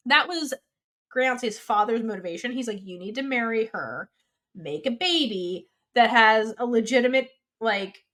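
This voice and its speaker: A woman co-hosting a podcast in casual, animated chat, talking fast and loose with lots of "like". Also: on the high side. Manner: chatty, animated, peppered with "like". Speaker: podcast co-host.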